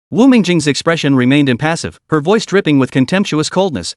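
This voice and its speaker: A man's voice: a little high, animated, fairly quick, few pauses, dry recording, clean studio sound. A man narrating a comic recap as a dramatic story.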